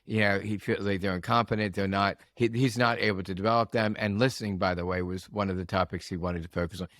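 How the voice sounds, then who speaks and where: A man who works as a coach, a guest on a podcast, telling stories in a lively way and acting out what people said. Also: low voice, quick pace, no echo. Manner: storytelling, animated, acts out quotes. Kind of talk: casual podcast conversation.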